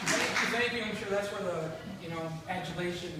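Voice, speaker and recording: A man's voice: high voice, a little fast. A man from Buffalo, New York, with a Western New York accent, doing a stand-up comedy set full of blunt, self-deprecating, crude jokes. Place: comedy club stage. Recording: very echoey room from far off, faint noise.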